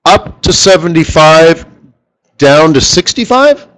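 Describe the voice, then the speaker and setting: A man's voice: a little high, slow, rough recording. Chatty man hosting a live trading seminar. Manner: animated, joking, full of rhetorical questions. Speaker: forex market strategist hosting a session. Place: room with a live audience.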